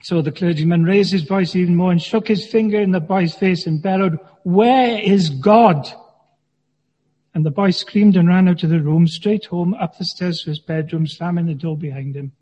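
Male minister, measured sermon with dry humor; muffled, lo-fi church recording with a long echo. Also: high-pitched, fairly even intonation, slightly rough. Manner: measured, gently humorous preaching. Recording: dull sound with long church reverb.

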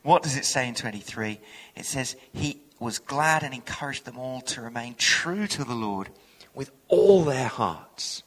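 A man preaching a sermon, telling a story with lively acted-out voices. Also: medium pitch, a little slow. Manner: animated storytelling, acting out quoted voices. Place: church hall. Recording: long reverb of a church hall.

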